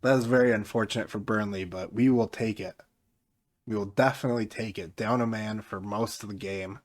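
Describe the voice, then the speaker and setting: A man giving casual, mostly flat commentary over his own football management game, getting livelier when something happens. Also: fairly quick. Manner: mostly flat and low-key, jumping up excitedly at goals; self-described monotone delivery. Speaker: gaming YouTuber.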